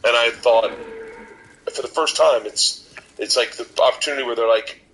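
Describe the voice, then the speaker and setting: A man's voice: mid-range voice, moderate pace, a bit bright. A man who is a guest comedian in a casual podcast chat, rambling and repeating himself, swearing freely and getting choked up as he talks. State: emotional, near tears. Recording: noisy recording.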